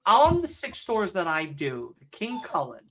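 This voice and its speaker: A man's voice: sits high, wildly swooping pitch, unhurried, a bit bright. A man on a podcast telling a long work story in a casual, profane and exasperated rant. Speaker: podcast co-host.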